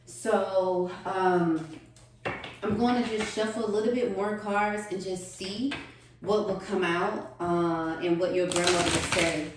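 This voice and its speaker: A woman giving a spiritual tarot reading, with a slow, repetitive, earnest delivery. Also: mid-range voice, steady tone, noisy background. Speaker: tarot reader. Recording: echoey room, distant mic.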